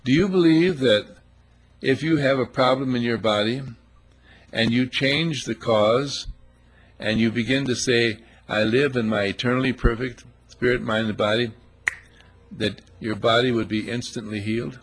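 A man's voice: medium pitch, moderate pace, slightly rough. A man preaching a sermon, emphatic and full of rhetorical questions, acting out little scenes as he goes.

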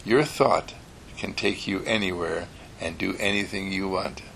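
Gravelly man telling a bedtime story. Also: low voice, a little slow, slight background noise. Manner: animated, playful, clears throat often.

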